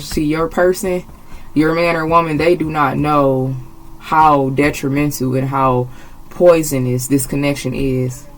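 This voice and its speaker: A woman's voice: low voice, steady tone, measured pace, rough recording. A woman giving a casual tarot reading, blunt and emphatic, swearing freely and repeating her phrases. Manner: emphatic, gets agitated. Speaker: tarot reader.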